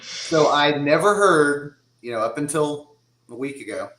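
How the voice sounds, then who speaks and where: A man's voice: a little high, animated, measured pace, a bit bright, echoey room, low-quality recording. A man in his fifties with a Southern US accent, a guest drummer chatting casually in a rambling way and laughing often. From Georgia, US. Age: 50s. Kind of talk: casual chat.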